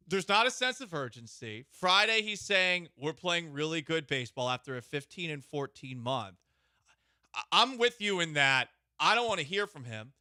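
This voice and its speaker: A male sports radio co-host with a very bright, forceful voice, a touch high for a man. He speaks in a measured way and pushes back with probing questions. The recording is dry and close. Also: clean tone, no room sound. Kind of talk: sports talk discussion.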